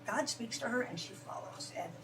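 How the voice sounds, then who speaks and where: A woman in a casual conversation, a mother telling heartfelt stories at a quick pace. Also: on the high side, lively intonation. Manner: heartfelt, fast-paced storytelling. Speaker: guest, mother. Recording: distant mic with noise.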